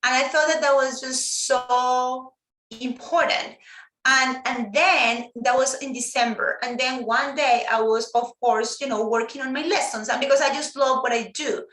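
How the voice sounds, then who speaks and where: Spanish-native woman on a video call, high bright voice, heartfelt, keeps restarting, echoey room. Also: steady tone, normal speed. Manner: earnest, heartfelt, many restarts. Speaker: guest teacher. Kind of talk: casual live-stream chat.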